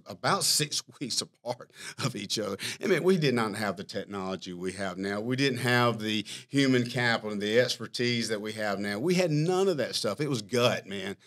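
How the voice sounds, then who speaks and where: A man, a company chief executive, telling a long story in a casual interview, animated and self-mocking, laughing as he talks. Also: medium pitch. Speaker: firm CEO, podcast guest.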